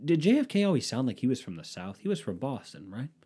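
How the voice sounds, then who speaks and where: A man's voice: mid-range voice, sing-song, fast talker, dark tone, slightly rough. A man from the Cleveland area riffing in a casual, profane, sarcastic monologue. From Cleveland, Ohio area.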